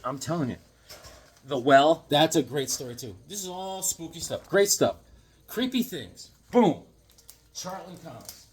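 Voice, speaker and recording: A man's voice: fairly high pitch, husky. A man rambling through his comic book haul in a casual vlog, cracking jokes and interrupting himself. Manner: jokey, rambling, self-interrupting.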